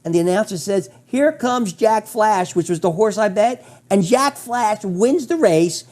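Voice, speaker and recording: Man, fairly high, dark-toned, enthusiastic storyteller, restarts a lot. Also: normal speed. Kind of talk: storytelling in conversation.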